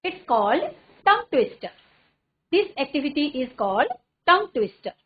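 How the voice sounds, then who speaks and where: A woman's voice: high voice, big pitch swings. A woman headmistress with an Indian English accent, teaching an online English class in an encouraging way and repeating her phrases. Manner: encouraging, repeats phrases, recites tongue twisters fast. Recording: narrow phone-like sound.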